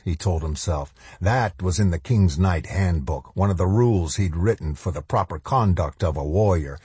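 A man narrating a novel as an audiobook reader, in a measured way that slows for the dramatic lines. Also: low-pitched, dark tone, slightly rough, no echo.

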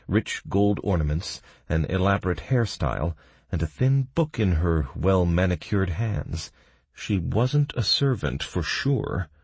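Low husky male audiobook narrator. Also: darkish tone, no echo. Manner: brisk, wry first-person telling.

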